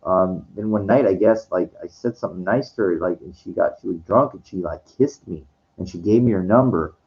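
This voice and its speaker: A man telling a personal story in a casual monologue, halting and rambling, with many restarts, fillers and casual swearing. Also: deep voice, gravelly, a little mellow, highs cut off. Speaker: vlogger.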